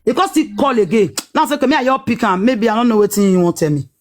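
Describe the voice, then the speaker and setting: A woman with a Nigerian Pidgin accent telling a personal story in a lively, dramatic way, acting out what people said. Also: on the high side, fast talker. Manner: animated, dramatic retelling with acted-out quotes.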